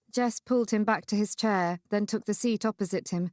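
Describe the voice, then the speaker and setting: A woman narrates a historical romance audiobook from a script, her medium-pitched delivery even and measured. The studio-quality recording carries no room sound at all.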